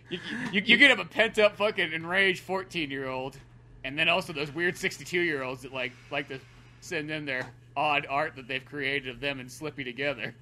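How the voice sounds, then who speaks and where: A man's voice: a little high, normal speed, pushed and bright, a little hiss or hum. A man co-hosting a podcast in casual, profane chat, laughing often and slipping into goofy voices. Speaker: podcast co-host.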